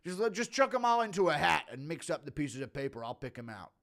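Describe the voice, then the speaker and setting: A man's voice: a little high, very animated, fast talker, creaky, a bit bright, pitched above the performer's own voice, exaggerated voice. A man doing a frazzled, stoned fight boss. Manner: scattered, swearing, dismissive. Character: frazzled middle-aged male fight promoter on mushrooms.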